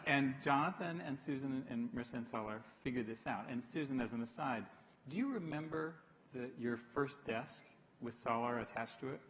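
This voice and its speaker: A man in an onstage conversation, speaking in a dry, teasing, measured way. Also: mid-range voice, a bit bright, a little hiss or hum. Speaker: panel guest. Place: stage in a hall. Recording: reverberant hall.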